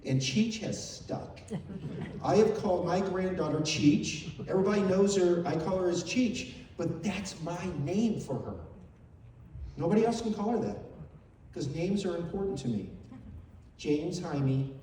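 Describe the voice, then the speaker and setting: A man's voice: high-pitched, lively intonation, a little slow, dark tone, slight background noise. An older man telling heartfelt, emotional stories in a memorial tribute, repeating phrases as he speaks. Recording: very echoey hall, voice from far off.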